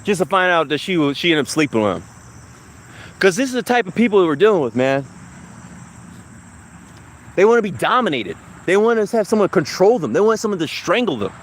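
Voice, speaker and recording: A livestreaming man delivers an angry street rant into his phone as he walks through the city, heated, repetitive and profane. He speaks in a high, sing-song voice at a brisk pace with long pauses, over a little hiss or hum.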